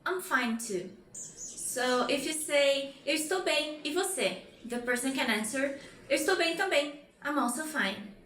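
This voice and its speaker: A Brazilian woman teaching beginner Portuguese, speaking with a high voice. She slows down to spell out each phrase and repeats it. Her voice rings in an echoey room over a faint hum. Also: lively intonation, fairly bright tone. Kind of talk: bright lesson presentation.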